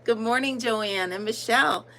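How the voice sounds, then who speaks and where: A woman's voice: fairly high pitch, normal speed, sharp tone, slight background noise, rough recording. A woman with an American country accent hosting a casual livestream, chatting and greeting viewers by name with plenty of ums. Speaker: livestream host.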